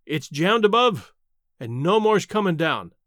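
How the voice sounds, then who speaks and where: A man reading a story voices a frontiersman who speaks in a measured, matter-of-fact way. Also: high voice, big pitch swings, a bit bright, no room sound, studio quality, full character voice. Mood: grim.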